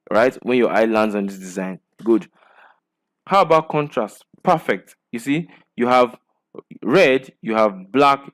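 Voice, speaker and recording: A man teaching a design lesson, walking through example designs point by point and checking in with "okay" and "right" after each point. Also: mid-range voice. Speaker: design instructor. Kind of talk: screen-share design lesson.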